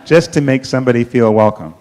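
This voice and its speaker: A man telling a children's story at a worship service, animated, with dramatic pauses. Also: mid-range voice.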